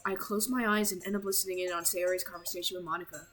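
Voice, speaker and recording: A woman's voice: on the low side, fairly even intonation, fast talker, fairly bright tone, soft background music, voice pushed down, natural voice, low-quality recording. A woman voicing a goofy, awkward teenage boy narrating a visual novel, switching between several put-on voices. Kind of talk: visual novel read-along.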